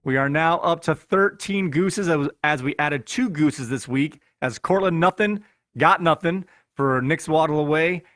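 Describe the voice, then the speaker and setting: A man's voice: on the high side, fairly bright tone, no echo, clean studio sound. A man hosting a fantasy football podcast, giving a jokey, chatty recap and addressing his listeners as guys. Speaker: podcast host.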